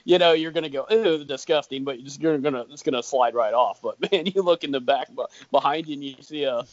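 Male co-host, average pitch, relaxed hesitant chat, muffled dry audio. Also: fast, no room sound. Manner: easygoing, chuckling, hesitant. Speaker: podcast co-host. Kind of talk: casual podcast chat. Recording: dry, dull lo-fi sound.

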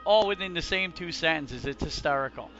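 A man's voice: a little high, lively intonation, a little fast, music in the background. A man hosting a casual podcast chat, rambling and stammering through restarts. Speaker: podcast host. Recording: slightly dull lo-fi audio.

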